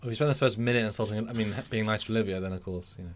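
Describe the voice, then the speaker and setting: A man co-hosting a casual livestream, telling a silly story in a rambling, animated way. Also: on the low side, very fast, slight background noise. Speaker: co-host.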